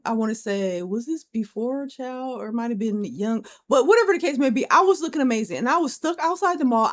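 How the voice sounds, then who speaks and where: This young woman speaks in a slightly high voice. She is co-hosting a podcast, chatting casually and telling animated stories. Her talk is blunt and full of swearing. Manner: blunt, frank, profane, animated storytelling. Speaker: podcast co-host.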